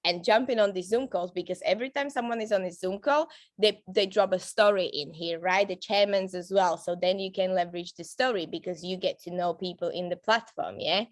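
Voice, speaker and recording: A woman's voice: fairly low pitch, fairly quick, no echo. A woman with a voice, giving a casual, upbeat training talk to her team, with frequent fillers and restarts. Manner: chatty, upbeat, laughs often, many fillers and restarts. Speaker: network marketing trainer.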